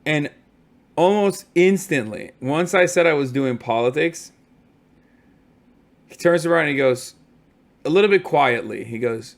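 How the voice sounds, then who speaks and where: A tired man streaming from a hotel room, telling stories in a casual, profane, animated way. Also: a little high, measured pace, vocal fry, long pauses. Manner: profane, animated storytelling with mock quotes.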